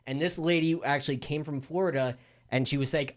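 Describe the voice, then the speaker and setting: A man's voice: fairly high pitch, normal speed. A young man telling a wild story as an interview guest, acting out the voices of the people in it. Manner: animated storyteller, acts out voices, laughs. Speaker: guest, MMA fighter and announcer.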